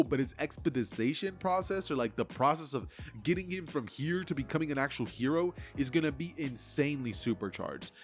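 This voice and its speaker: A young man casually narrating an anime fan story in a loose, chatty way full of fillers. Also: mid-range voice.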